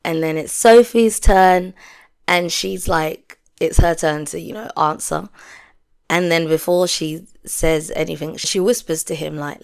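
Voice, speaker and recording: A young woman talks through a reality show episode in a casual, chatty review. Her voice sits low and has a gravelly edge. She keeps acting out her own reactions as she tells it. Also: steady tone, unhurried, a little mellow. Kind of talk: casual video review chat.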